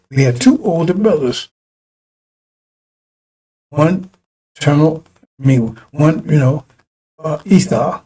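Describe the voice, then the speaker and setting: A man's voice: a little high, warm tone, breathy edge. A man preaching a broadcast sermon in a fiery, rambling way, often repeating and restarting his phrases.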